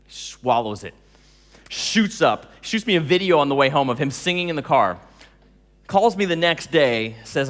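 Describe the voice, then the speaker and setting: Animated man telling stories. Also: mid-range voice, normal speed, long reverb tail. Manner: animated, laughs often, acts out dialogue. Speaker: speaker telling stories to an audience. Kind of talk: storytelling talk.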